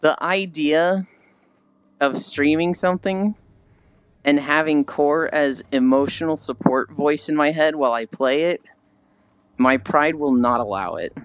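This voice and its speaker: A man's voice: on the high side, measured pace, clean tone, no echo, highs cut off. A man streamer chatting casually with viewers while out walking, rambling and self-deprecating. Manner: rambling, self-deprecating, animated mock voices.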